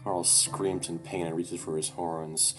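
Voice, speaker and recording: A man with a very low voice reads a visual novel aloud in a loose, casual manner. He swears freely and drops in his own asides, with music playing clearly in the background. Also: little pitch movement, a little slow.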